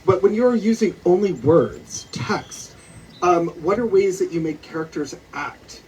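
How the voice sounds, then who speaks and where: A man's voice: sits high, expressive, measured pace, darkish tone. A man interviewing an author at a bookstore event, asking prepared questions with many "um"s. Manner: hesitant, many "um" and "uh", reads notes aloud. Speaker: interviewer, comic book artist. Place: bookstore event before an audience. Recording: distant mic with faint noise.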